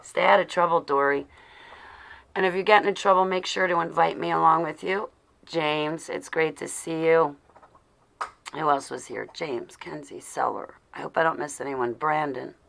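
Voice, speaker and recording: A woman whose voice sits low and creaky hosts a casual livestream at a moderate pace, her intonation fairly even. While searching for something she mutters to herself and chats with viewers. Flustered in her search, she also offers warm shout-outs to them.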